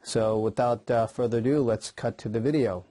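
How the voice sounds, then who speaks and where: A man's voice: medium pitch, fairly even intonation, moderate pace, dark tone, dry recording. A man hosting a drawing channel, talking casually through a sketching tutorial with frequent "uh" fillers. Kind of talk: tutorial talk while sketching.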